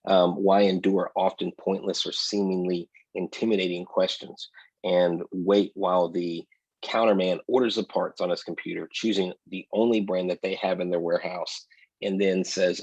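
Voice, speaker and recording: A man's voice: deep voice, level tone, normal speed, a little mellow, husky, no echo, highs cut off. A man co-hosting a casual sports podcast, talking energetically and straight to his listeners. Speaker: podcast co-host.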